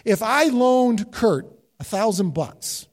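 High-voiced pastor preaching a sermon. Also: male voice, expressive, takes it slowly. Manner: storytelling with rhetorical questions.

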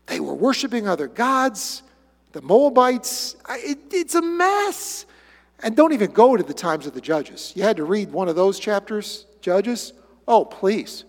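A male pastor preaching a sermon in an animated way, with sarcastic asides. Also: sits high, measured pace. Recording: long hall reverb.

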